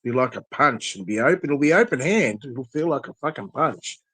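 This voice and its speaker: A man's voice: medium pitch, expressive, a little fast, fairly bright tone, slightly rough, dry recording. A man, ranting angrily and profanely as a guest in a casual chat, full of threats. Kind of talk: angry rant in casual chat.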